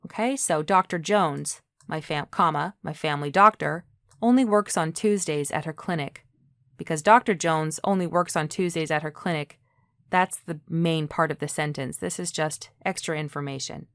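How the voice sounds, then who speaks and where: Low-voiced woman teaching grammar. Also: normal speed, no room sound, studio quality. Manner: clear, patient explaining with frequent "okay?" checks. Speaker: English teacher. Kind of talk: online grammar lesson.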